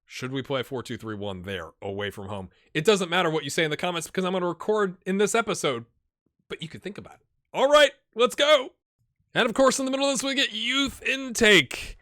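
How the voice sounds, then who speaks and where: A man hosting a game channel, giving chatty, excitable live commentary while he plays and talking straight to his viewers. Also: high-pitched, normal speed, dry recording, studio quality. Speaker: gaming channel host.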